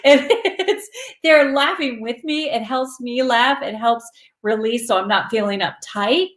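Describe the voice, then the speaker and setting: A woman's voice: a little high, unhurried, fairly bright tone, reverberant. A woman hosting a spiritual live stream, chatting with viewers in an earnest, rambling way and laughing often.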